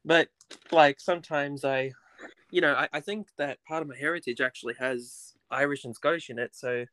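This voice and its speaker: A man's voice: a little high, steady tone, normal speed, sharp tone, dry recording. A man with an Australian accent, a podcast guest chatting casually, rambling and self-deprecating with frequent laughs.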